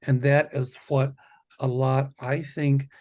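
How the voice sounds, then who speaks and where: A man hosting a psychic chat show, talking casually and stressing his points in slow, deliberate lists. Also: medium pitch, level tone, warm tone. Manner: deliberate, emphatic listing of words. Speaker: psychic host.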